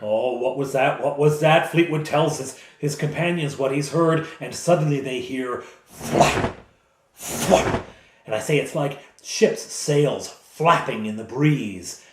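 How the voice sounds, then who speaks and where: A man who is the game master, recounting a tabletop game session as an animated storyteller. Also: medium pitch, takes it slowly, noisy background. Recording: echoey room.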